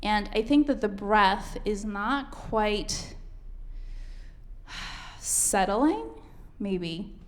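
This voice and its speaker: Slow-spoken woman coaching piano. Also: mid-range voice, sing-song. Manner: counts and sings rhythms aloud while coaching. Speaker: piano teacher. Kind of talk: masterclass coaching.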